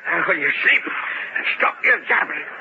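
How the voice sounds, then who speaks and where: An actor playing a sly, teasing Highland boatman who speaks in riddles in an old radio drama. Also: wildly swooping pitch, brisk, exaggerated voice. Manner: riddling, gruffly playful. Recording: muffled old radio recording with hiss.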